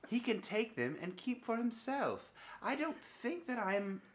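A man's voice: very high-pitched, very animated, unhurried, slight background noise, pitched above the performer's own voice, full character voice. A man putting on a British accent to read out the defiant words of a proud male fighter, with some laughing slips. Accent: British English. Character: proud aggrieved male fighter quoted aloud.

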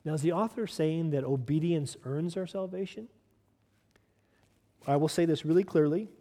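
A man's voice: fairly high pitch, moderate pace, dark tone. A man preaching a sermon as pastor, emphatic and direct, who puts questions to the congregation.

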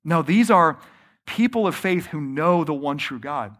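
A man preaching a sermon, often slowing down to stress his points and calling the listeners friends. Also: on the high side, expressive. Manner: varies pace and loudness, slows for emphasis. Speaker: pastor.

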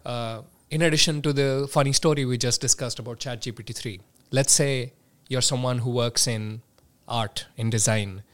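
A man's voice: mid-range voice, steady tone, moderate pace. A man from southeast India, a guest on a podcast, explaining politely and thinking aloud. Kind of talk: conversational explanation.

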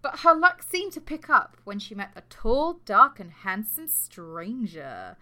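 Sweary bright-voiced woman podcaster. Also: medium pitch, unhurried. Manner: sweary, jokey, animated. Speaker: podcast co-host. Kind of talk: casual true crime storytelling.

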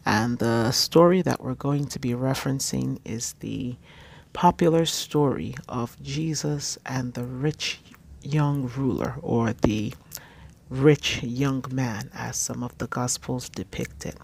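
A man giving a weekly gospel message as a preacher, deliberately comparing scripture passages. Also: medium pitch, gravelly.

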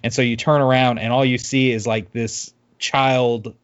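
A man recapping a video game in casual chat, rambling and halting with lots of fillers and restarts. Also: medium pitch, flat delivery, muffled recording.

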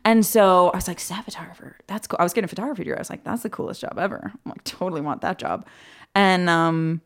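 A woman guest on a podcast, telling stories in a casual, animated way, acting out quoted voices and often laughing. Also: on the low side, quick pace. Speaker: guest, film director. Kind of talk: casual podcast interview storytelling.

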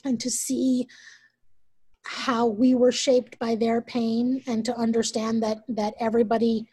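A woman in her forties telling a personal story as a guest, emphatic and animated, swearing freely. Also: a little high, a little slow, slightly rough, dry recording. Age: 40s. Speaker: guest, event leader.

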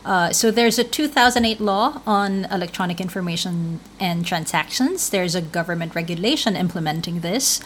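A woman's voice: lowish voice, normal speed, hardly any pauses, a little hiss or hum. A woman correspondent answering interview questions in an explanatory way, with frequent fillers. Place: remote link from another city.

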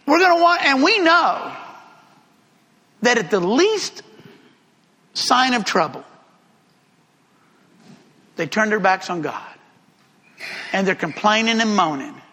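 A man's voice: high-pitched, sing-song, slow, pauses often, sharp tone. A man teaching a Bible class in a conversational way, throwing rhetorical questions at the class. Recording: reverberant room recording.

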